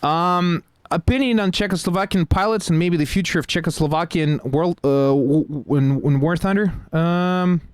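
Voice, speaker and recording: A man hosting a livestream, chatting casually while playing a game, easily distracted and excitable. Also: a little high, moderate pace, few pauses, clean tone, dry recording, clean studio sound. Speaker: stream host playing a game.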